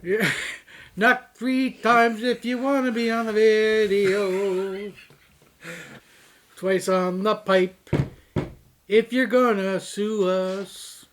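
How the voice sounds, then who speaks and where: A man's voice: sits high, fairly even intonation, extremely slow, pauses often, fairly bright tone, slight background noise. A man from Canada co-hosting a casual beer review chat, playful and rambling, steering topics along with little asides. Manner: playful, rambling, says "anywho" to move on. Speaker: co-host of a beer review show.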